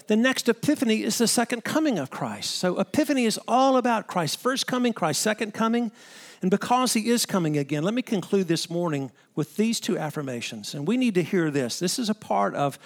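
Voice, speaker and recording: A man preaching a sermon to fellow pastors, emphatic, repeating phrases for stress and asking the listeners direct questions. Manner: swings from soaring high-pitched exclamations to low hushed lines.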